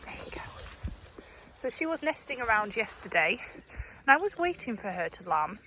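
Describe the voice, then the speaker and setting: A woman's voice: on the high side, sing-song, normal speed, pushed and bright. A woman shepherd, chatting casually on her farm and cooing fondly at her sheep. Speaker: shepherd and farmer. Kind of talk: casual vlog narration on the farm. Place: outdoors on a farm among sheep. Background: sheep and faint outdoor noise.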